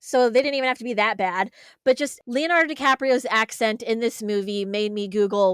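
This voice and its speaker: A young woman co-hosting a podcast, chatting casually in a blunt, sarcastic way and retelling scenes with animated voices. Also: fairly high pitch, normal speed, clean tone, no echo. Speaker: podcast co-host. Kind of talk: casual chat.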